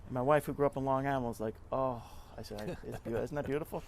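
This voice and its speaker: A middle-aged man, a nonprofit club leader, giving a casual interview and telling stories in a lively way, often acting out what people said. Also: mid-range voice, very fast, slight background noise. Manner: chatty, animated storyteller who acts out quotes.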